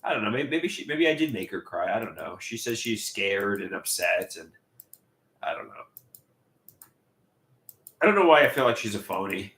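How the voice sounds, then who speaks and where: A man talks to his live stream viewers in halting bursts, repeating himself and restarting his sentences. His voice is bright and swings up and down a lot. The room around him sounds echoey. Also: on the low side, sing-song. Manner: halting and repetitive, stammers and restarts often. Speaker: livestreamer. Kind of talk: live stream chat, reading viewer comments.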